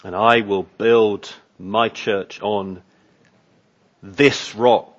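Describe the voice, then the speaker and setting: Slow, emphatic male preacher, husky. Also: fairly low pitch, fairly even intonation, highs cut off. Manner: slow, emphatic preaching with rising repeated phrases. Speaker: pastor. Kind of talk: sermon.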